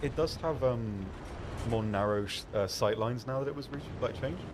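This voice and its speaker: A man's voice: medium pitch, normal speed, background noise. A man co-hosting a game stream in casual chat, rambling and laid-back with lots of fillers. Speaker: stream co-host.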